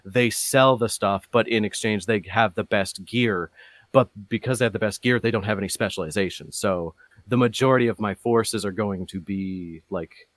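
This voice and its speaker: Casual male talker, lowish voice, loose and rambly with lots of ums, dry close mic. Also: normal speed, no room sound. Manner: rambling, many fillers and restarts, gets animated. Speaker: podcast guest. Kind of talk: casual chat.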